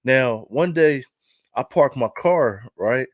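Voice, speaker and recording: Speaking slowly with lively intonation and a medium pitch, a Philadelphia-accented vlogger rambles through a casual story. He keeps repeating himself and checking in with "right?". The recording is dry.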